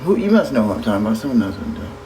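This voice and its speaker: A man's voice: on the low side, big pitch swings, very fast, vocal fry, dark tone, a little hiss or hum, rough recording. Casual man talking to stream viewers. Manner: talks to viewers, swears freely. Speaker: livestreamer. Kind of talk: casual livestream chat.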